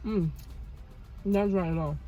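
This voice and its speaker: A woman in her thirties chatting casually in a vlog, telling a story with animated and grateful talk. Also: lowish voice, slow, narrow, tinny audio, soft background music. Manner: animated storytelling, praises God. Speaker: vlogger. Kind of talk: casual chat.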